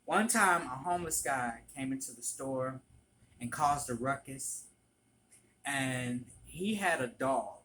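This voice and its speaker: Guy ranting casually bout his old job, bright clear voice, blunt and candid. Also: medium pitch, lively intonation, measured pace, slight background noise, low-quality recording. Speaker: vlogger, former barista. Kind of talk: casual storytelling.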